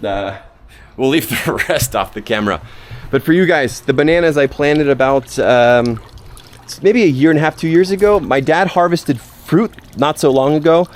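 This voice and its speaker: A man's voice: on the high side, moderate pace. A man from California chatting to a handheld camera outdoors as a travel vlogger, rambling, with restarts and laughs. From California, United States. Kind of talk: casual vlog talk to camera. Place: outdoors at a family home.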